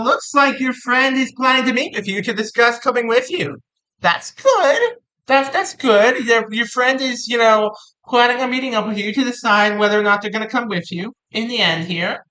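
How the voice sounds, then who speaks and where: A woman giving a casual tarot reading, animated and playful, often repeating words for emphasis. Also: medium pitch, poor audio. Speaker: tarot reader.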